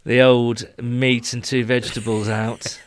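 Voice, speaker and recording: A man's voice: medium pitch, little pitch movement, a little slow. A man co-hosting a casual sports chat podcast, rambling and laughing easily as he tells stories. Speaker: podcast co-host. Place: small home room.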